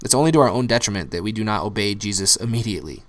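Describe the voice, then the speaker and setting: A man's voice: lowish voice, lively intonation, rapid-fire. A young adult man, a pastor, preaching a sermon in an earnest storytelling way that rises to emphatic peaks.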